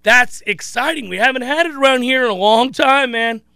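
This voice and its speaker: A man's voice: very high-pitched, moderate pace, sharp tone, smooth, dry recording. A man hosting a sports talk show, chatting animatedly about his team and often restarting his sentences. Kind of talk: casual sports talk commentary.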